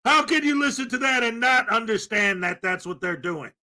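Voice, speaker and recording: A man's voice: very high-pitched, animated, moderate pace, sharp tone. A man hosting a commentary show, ranting with exasperated disbelief about a clip he just played. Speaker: commentary host.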